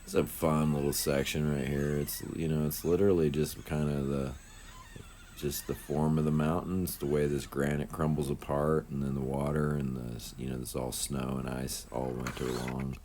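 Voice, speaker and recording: Man, very deep voice, rambling casual voice-over, laid-back, filler-heavy, faint background noise. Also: level tone, normal speed, a little mellow. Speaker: RC crawler channel host.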